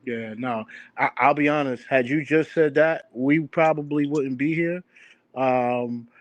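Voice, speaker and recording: A man's voice: medium pitch, measured pace, no echo, highs cut off. A middle-aged man hosting a heated online talk stream, speaking earnestly and directly, often stumbling and restarting his words. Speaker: stream host.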